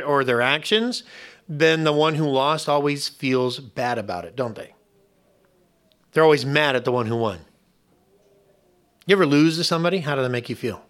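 A man's voice: fairly high pitch, a bit bright. A middle-aged man preaching a sermon in a conversational way, asking the audience rhetorical questions and acting out little scenes. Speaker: pastor.

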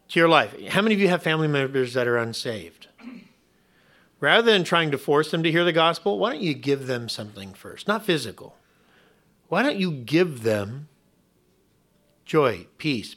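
A middle-aged pastor delivers a sermon conversationally, putting rhetorical questions to the audience and acting out little scenes. His voice sits in the mid range with a fairly bright tone.

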